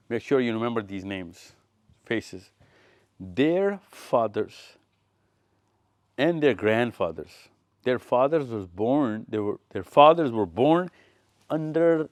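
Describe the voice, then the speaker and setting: A man's voice: on the low side, dry recording. A man giving a live lecture with slides, repeating phrases and calling on listeners by name. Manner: pointing through slides, quizzing the room. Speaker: touring speaker. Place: event room with audience.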